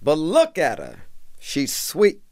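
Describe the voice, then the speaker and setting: A woman doing a calm, genial former president. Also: low voice, takes it slowly, full character voice. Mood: amused. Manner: lighthearted mimicry.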